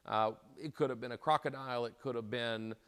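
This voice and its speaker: A man's voice: mid-range voice, fairly even intonation, fairly quick, a bit bright, smooth. A man teaching an informal lecture as a Bible teacher, retelling a story in a conversational way and often repeating and restarting his words.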